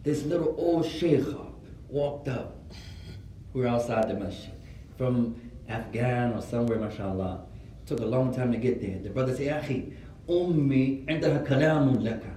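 A man's voice: medium pitch, moderate pace, warm tone, a little hiss or hum. A man teaching an informal class, telling stories and switching between Arabic and English. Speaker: Arabic and Islamic studies teacher. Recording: echoey classroom from far off.

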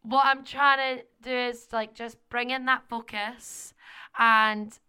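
A woman in her twenties co-hosting a podcast, chatty, her voice rough from just waking up. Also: on the high side, steady tone, slow pace, sharp tone. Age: 20s. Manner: chatty, laughs often. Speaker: podcast co-host. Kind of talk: casual chat.

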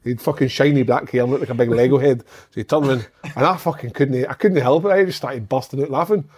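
Male ex-player, rapid sweary anecdote-teller. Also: mid-range voice, husky. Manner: swears freely, animated storyteller. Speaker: former footballer guest. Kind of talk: casual storytelling chat.

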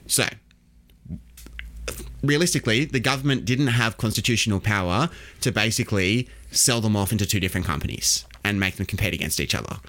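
A man's voice: lowish voice, fairly quick, a bit bright. An Australian man hosting a podcast, explaining history casually and quizzing his co-host.

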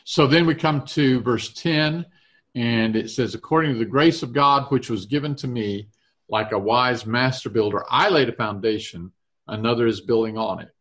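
A man's voice: mid-range voice, normal speed, a bit bright. A man leading a casual Bible study discussion, reading verses aloud and thinking through their meaning.

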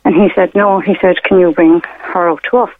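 A middle-aged woman calls in over a tinny, narrow phone line. She tells her story haltingly, leaning on fillers and retold quotes, and the line sounds dry and close. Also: on the low side, fairly even intonation, no room sound. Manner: rambling, hesitant, many fillers and retold quotes. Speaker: caller. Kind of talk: telling a personal story on a radio phone-in. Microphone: telephone.

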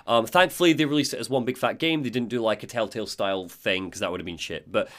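A man's voice: on the low side, quick pace, a bit bright. A man hosting a casual podcast, recapping video game lore and reading out quotes in different voices. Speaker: podcast host.

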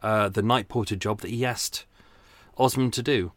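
A man with a lowish, steady, fairly bright voice talks at a moderate pace, with no echo in the recording. He hosts his own true crime podcast as a casual solo monologue, chatting loosely with plenty of fillers, offhand swearing and self-deprecating asides while wilting in the heat.

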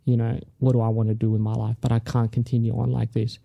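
A man, a comedian guest on a podcast, telling a story in a casual, animated way. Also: medium pitch, quick pace, gravelly, no echo. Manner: animated storyteller who acts out other people's lines.

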